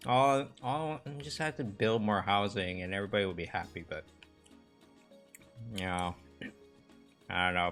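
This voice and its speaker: A man's voice: fairly low pitch, pushed and bright. A man casually chatting with live viewers on a stream, rambling with many fillers and restarts. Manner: rambling, halting, lots of fillers. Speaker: livestream host.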